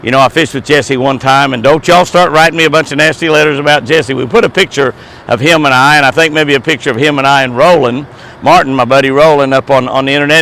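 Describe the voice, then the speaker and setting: A man's voice: medium pitch, fairly bright tone. An older man, hosting a folksy, chatty outdoor video chat beside his truck. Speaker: host.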